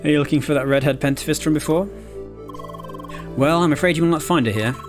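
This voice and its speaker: A man voicing a calm, formal guide character who explains things in measured, proper speech. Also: a little high, pitched above the performer's own voice, lightly acted. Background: game music.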